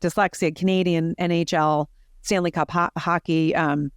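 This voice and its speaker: A woman's voice: on the low side, steady tone, moderate pace, clean tone, no echo, clean studio sound. A middle-aged woman, a podcast guest, telling personal stories animatedly with many fillers and restarts. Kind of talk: personal storytelling in conversation.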